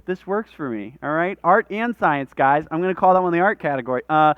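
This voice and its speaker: A man teaches a room full of people in a relaxed, conversational way. His voice is smooth and clear, with a dry, slightly dull lo-fi recording sound. He explains things step by step and talks with his hands. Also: a little high, brisk, no echo. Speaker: workshop presenter. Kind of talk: live workshop lecture. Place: conference room with audience.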